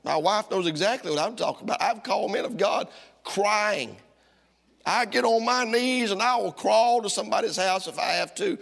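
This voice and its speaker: A middle-aged male pastor preaching a sermon, swinging from loud, driving lines to hushed ones. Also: sits high, moderate pace, vocal fry. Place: church sanctuary. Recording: long church reverb.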